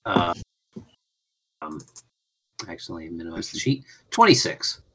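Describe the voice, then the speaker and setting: Woman, tabletop player, loud, joking, swearing, lively pitch. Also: a little slow, breathy edge. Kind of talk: casual tabletop game play.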